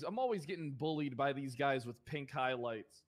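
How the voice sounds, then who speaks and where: A man's voice: medium pitch, animated, moderate pace. A young man in improvised game roleplay, playing a sheriff with brash, profane, mock-aggressive ranting.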